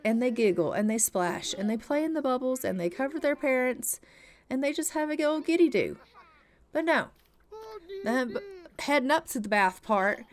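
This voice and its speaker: Woman, casual let's-play narration, chatty, playful, higher voice. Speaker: gaming YouTuber.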